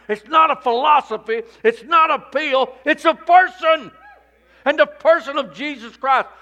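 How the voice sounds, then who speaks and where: A man delivering a sermon in a high-pitched, bright and forceful voice. He preaches in a repetitive cadence. He climbs to shouted peaks and sinks to hushed near-whispers. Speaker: pastor.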